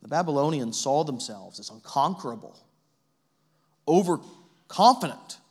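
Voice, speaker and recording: A man preaching a sermon in a conversational way, often adding "right?" and telling animated, self-deprecating stories. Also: fairly high pitch, a little slow, breathy edge. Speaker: pastor.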